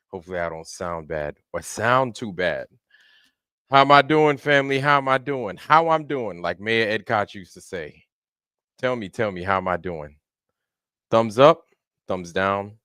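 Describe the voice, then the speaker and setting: A relaxed man chats on his livestream and greets viewers one at a time. His voice sits fairly low. The sound is close and dry, with no room around it. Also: clean tone, no echo. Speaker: livestream host. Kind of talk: casual livestream chat.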